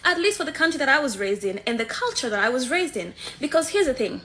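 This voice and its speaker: Emphatic high-voiced woman lecturing. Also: very animated, fast, hardly any pauses, fairly bright tone. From Africa. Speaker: TikTok commentator. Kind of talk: direct-to-camera opinion clip.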